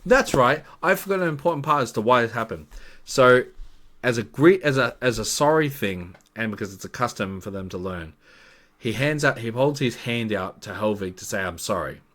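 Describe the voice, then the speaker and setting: A man's voice: mid-range voice, lively intonation, normal speed, a bit bright. A man acting as game master, casually recapping a tabletop campaign in a rambling way with many fillers.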